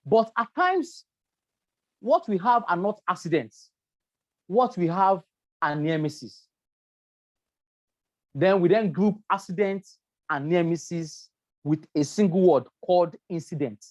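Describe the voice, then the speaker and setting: A woman's voice: on the low side, animated, slow pace, pauses often, no room sound. Nigerian-accented woman teaching workplace safety. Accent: Nigerian English. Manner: repetitive, explanatory, asks "right?" often. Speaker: safety trainer. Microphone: presentation with slides.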